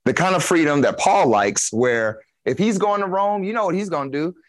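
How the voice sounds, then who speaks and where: A man's voice: a little high, expressive, normal speed, no room sound. Folksy preacher man, dry sound. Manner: casual and folksy, with slang and chuckles. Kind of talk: conversational sermon.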